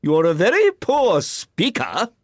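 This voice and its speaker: A man's voice: sits high, wildly swooping pitch, takes it slowly, no room sound, studio quality, pitched above the performer's own voice, full character voice. A blustering, bossy king. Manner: bossy and impatient. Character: pompous, blustering male king. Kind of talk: audiobook character voice.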